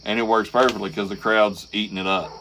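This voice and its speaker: A man co-hosting a podcast, recapping wrestling in casual, profane, animated chat. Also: fairly low pitch, fast, slight background noise. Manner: profane, animated storytelling with acted quotes. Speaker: podcast co-host.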